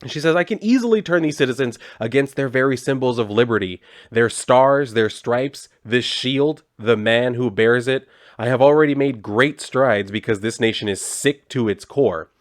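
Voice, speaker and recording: A man's voice: medium pitch, moderate pace. A man casually recapping a comic book, reading out its dialogue and adding sarcastic asides. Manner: sarcastic, reads out dialogue in a flat paraphrasing voice.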